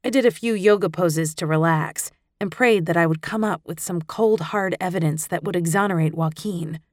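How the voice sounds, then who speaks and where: A woman reads a first-person audiobook in a lowish, expressive voice. Her delivery stays intimate and close. The recording is dry with no room sound. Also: normal speed, dry recording. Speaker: audiobook narrator.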